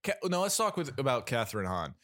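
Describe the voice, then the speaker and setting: Talking fast in a sing-song, mid-range voice with a fairly bright tone, a man co-hosts a podcast and casually reviews a film. He rambles, uses lots of fillers and restarts, and laughs a lot; the studio sound is clean with no echo.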